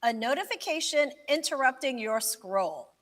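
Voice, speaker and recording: A woman hosting a live radio game show, upbeat and quick to laugh. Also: sits high, lively intonation, a bit bright. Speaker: radio host.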